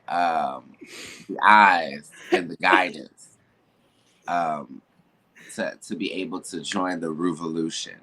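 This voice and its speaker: Deep-voiced guy on a podcast, candid and emphatic, keeps dropping asides. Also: pushed and bright. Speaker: podcast co-host. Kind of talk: casual podcast chat. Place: home, with building noise nearby.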